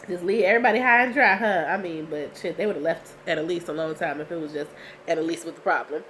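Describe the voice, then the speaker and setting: A young woman recaps a TV episode from her couch at home, talking in a loose, slangy, chatty way. She is under the weather, so her voice comes out a bit rough. A faint hiss sits under the recording. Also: fairly low pitch, fast talker, a bit bright. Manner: chatty, slangy, reacting with laughs and asides. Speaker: TV recap vlogger.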